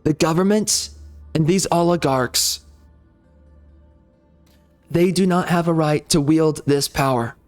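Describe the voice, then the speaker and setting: A man's voice: on the high side, slow pace, long pauses, faint music behind. A man ranting heatedly over gameplay, swearing and repeating himself as he argues. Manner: heated, profane, repetitive ranting. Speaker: gaming channel host.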